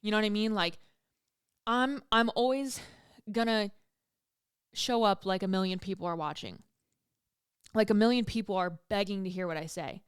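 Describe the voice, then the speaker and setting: Smooth-voiced woman chatting candidly on a podcast. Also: mid-range voice, normal speed, pauses often, dry recording, studio quality. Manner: candid, chatty, swears freely, laughs at herself. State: pregnant, hormonal and emotional. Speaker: podcast host. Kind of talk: casual solo podcast chat.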